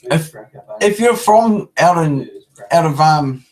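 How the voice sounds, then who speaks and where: A man with a New Zealand accent talking in a loose, slangy live-stream chat. His voice sits a little high for a man, and he rambles easily and restarts sentences as he goes. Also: animated, slow, darkish tone, poor audio. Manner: laid-back, slangy and rambling, with many restarts.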